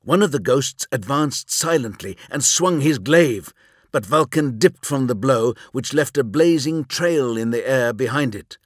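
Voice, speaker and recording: A man reads a story aloud in a measured, dramatic way. His voice sits at a middle pitch for a man. The studio booth gives a dry, close sound with no echo. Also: lively intonation. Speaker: audiobook narrator. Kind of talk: scripted narration.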